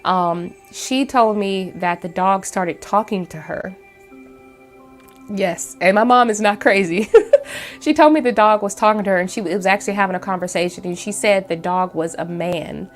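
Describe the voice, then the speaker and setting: A woman's voice: medium pitch, moderate pace, soft background music. A woman hosting her own channel, telling a story to the camera at home in a rambling, casual way with many fillers and restarts. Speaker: channel host.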